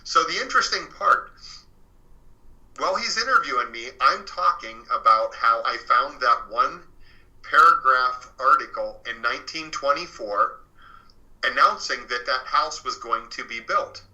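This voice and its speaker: A man's voice: mid-range voice, lively intonation, unhurried, bright, forceful tone, dull audio. A man talking as an author and interview guest, telling his story in earnest, with many fillers and restarts.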